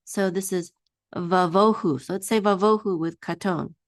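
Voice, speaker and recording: A woman teaching a one-on-one Hebrew reading lesson, patiently singing each word out slowly for her student to repeat. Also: fairly low pitch, fairly even intonation, no room sound, studio quality.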